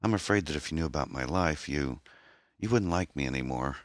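A man voicing a troubled young woman, an orphan who talks in a hesitant, halting, pained way. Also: a bass voice, animated, no echo, studio quality. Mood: guarded, pained.

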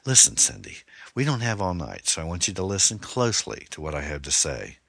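A man's voice: low-pitched, sing-song, a little fast, vocal fry, fairly bright tone, breathy edge, no echo, heavily acted. A man reading the part of a controlling male stalker, voiced with cold, mocking menace. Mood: threatening.

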